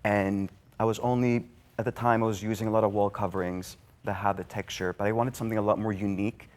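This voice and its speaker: A man from Greece who founded a luxury interior design firm, speaking in a lively way on a panel. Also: on the low side, fast talker. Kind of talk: panel talk.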